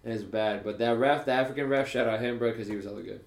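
A man's voice: on the low side, quick pace, gravelly. A young man co-hosting a casual podcast, loose and profane, saying bro a lot. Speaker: podcast co-host and college soccer player. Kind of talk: casual chat. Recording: echoey room.

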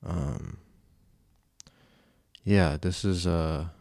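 Low-voiced man rambling, self-deprecating. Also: very slow, vocal fry, darkish tone, no echo, studio quality. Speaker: podcast host. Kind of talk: casual solo podcast monologue.

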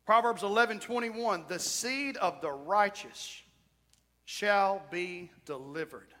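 A man preaching a sermon as pastor, with shouted whoops and emphatic repetition. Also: high-pitched, takes it slowly. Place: church sanctuary. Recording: church hall reverb.

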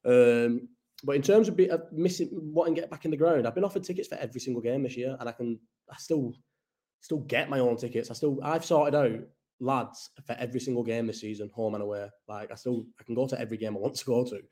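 This young livestream host speaks quickly in a mellow, medium-pitched voice. He rambles through a casual live-chat stream, swearing and responding to viewer comments as they come in.

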